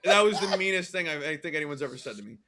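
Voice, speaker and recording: A man co-hosting a sports-betting podcast, telling a story in an animated way and acting out the voices of the people in it. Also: fairly high pitch, very fast, a crowd in the background. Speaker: podcast co-host.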